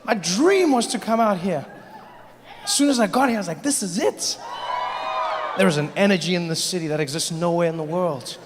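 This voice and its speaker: A man from Africa doing animated, self-deprecating stand-up storytelling on a stage mic in front of a live audience. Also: high-pitched, fairly quick, crowd noise. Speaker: stand-up comedian. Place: large live venue with audience. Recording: echoey live venue with audience noise.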